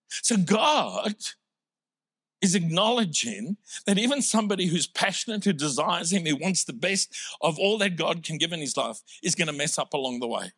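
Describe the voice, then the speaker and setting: South African pastor preaching, slightly high voice. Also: male voice, very animated, normal speed, a bit bright, slightly rough, no room sound, clean studio sound. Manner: conversational, humorous preaching. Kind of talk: sermon.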